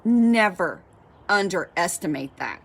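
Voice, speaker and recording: A woman's voice: on the low side, big pitch swings, slow, creaky, slightly rough. A woman fitness coach giving a passionate motivational talk, fired up and repeating her points for emphasis.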